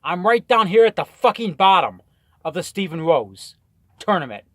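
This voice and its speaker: A man's voice: sits high, very animated, moderate pace, fairly bright tone, no room sound. A man casually ranting and rambling through his weekly football picks, swearing often and tripping over his words. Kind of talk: casual rant. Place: in a truck on the road.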